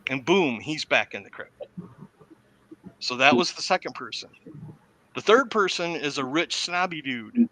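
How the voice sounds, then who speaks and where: A man with a bright, forceful voice retells a film plot in a casual way. He is a lively, animated storyteller, and his voice sits a little above most men's. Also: on the high side, unhurried, pauses often, poor audio. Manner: animated storyteller who acts out the quotes. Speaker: podcast host.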